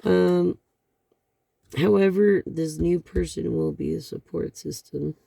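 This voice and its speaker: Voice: medium pitch, fairly even intonation, slow pace, creaky, warm tone, no echo. A tarot reader giving a card reading to a viewer, rambling along with many fillers and sighs.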